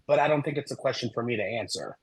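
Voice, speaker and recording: A man guest on a podcast interview, telling his story in an animated way and acting out the dialogue he quotes. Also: medium pitch, quick pace, slightly rough, no echo, low-quality recording. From American Midwest. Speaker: guest, human design reader.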